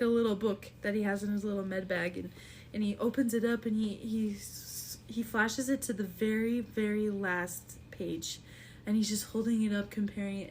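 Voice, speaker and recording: A woman's voice: medium pitch, a little mellow, slight background noise. A woman narrating a tabletop game as game master, giggly and full of fillers.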